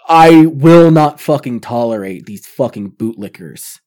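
A man from Virginia in casual podcast chat, talking earnestly and haltingly with many fillers. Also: mid-range voice, animated, darkish tone. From northern Virginia, USA. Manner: earnest, halting, many "you know" fillers, swears when riled.

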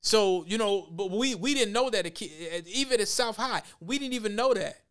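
A man hosting a casual talk show, blunt and profane, telling stories with animated quoted voices. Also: high voice, normal speed, clean tone.

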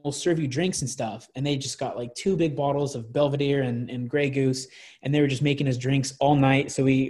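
A young man in his twenties chatting as a guest, telling wild stories in a loose, rambling way full of restarts and fillers. His voice sits at an ordinary pitch for a man. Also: darkish tone. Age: 20s. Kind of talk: casual storytelling chat.

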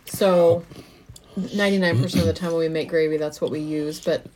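A woman's voice: sits low, steady tone, brisk, darkish tone, slight background noise, rough recording. A woman guest on a podcast, chatting casually in an easygoing, matter-of-fact way. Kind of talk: casual chat.

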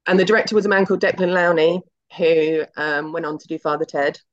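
A middle-aged woman, a guest who works as a TV executive, tells her story fast in a low, steady voice. She's chatty and anecdotal, acting out the dialogue in casual interview storytelling. The lo-fi recording sounds slightly muffled.

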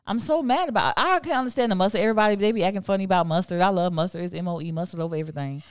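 A woman's voice: mid-range voice, very fast, clean tone, no room sound, studio quality. A middle-aged woman co-hosting a podcast in casual chat, ranting with swearing and frequent laughs. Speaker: podcast co-host.

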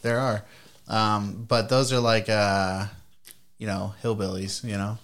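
A man's voice: on the low side, little pitch movement, slow, fairly bright tone. A man co-hosting a podcast, trading laid-back, crude banter in casual chat. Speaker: podcast co-host.

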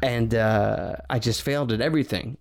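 A man's voice: mid-range voice, moderate pace, creaky. A man hosting a podcast, chatting casually and telling rambling, joking stories. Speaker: podcast host. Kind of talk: casual chat. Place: podcast studio.

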